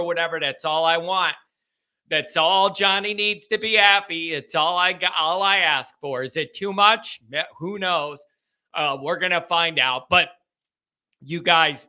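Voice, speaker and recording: A man's voice: fairly high pitch, sharp tone, smooth. A man hosting a casual fan call-in stream, chatty and rambling, sounding worn out and exasperated. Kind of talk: casual fan talk show.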